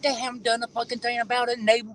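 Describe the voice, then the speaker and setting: A frustrated man talking outdoors on a street, halting and swearing as he complains. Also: very high-pitched, completely flat delivery, a crowd in the background, rough recording. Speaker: homeless man interviewed on the street.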